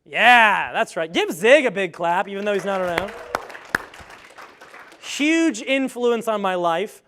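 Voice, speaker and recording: A man speaking to a live audience about presenting on video, energetic and joking, with a self-deprecating humor. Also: high voice, takes it slowly, background noise. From grew up on a farm. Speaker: speaker on webinar marketing.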